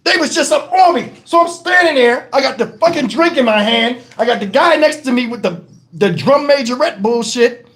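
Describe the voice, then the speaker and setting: High-voiced man telling stories on a live stream. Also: moderate pace. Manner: animated, profane, laughs through his stories. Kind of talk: casual storytelling on a live stream.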